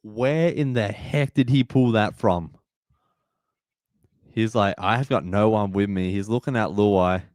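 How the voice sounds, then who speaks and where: A man hosting a live match-reaction stream, excitable and emotional, shouting at big plays. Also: fairly low pitch, unhurried, no echo, studio quality.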